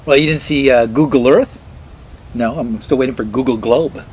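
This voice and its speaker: A man ranting casually and sarcastically, swearing and slipping into high mocking voices. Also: fairly even intonation, normal speed, long pauses, background noise.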